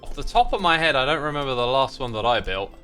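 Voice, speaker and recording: Bright-voiced man chatting on a game stream. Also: medium pitch, sing-song, fast, faint music behind. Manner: chatty, reads viewer messages aloud, thanks supporters. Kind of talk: casual livestream chat while playing.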